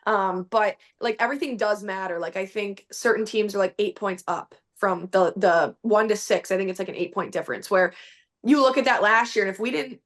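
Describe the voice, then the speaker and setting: A young woman guest chatting casually on a podcast. Her voice sits at a middle pitch. She rambles easily and fills her sentences with "like", relaxed and unhurried. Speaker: guest, hockey player. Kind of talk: casual chat.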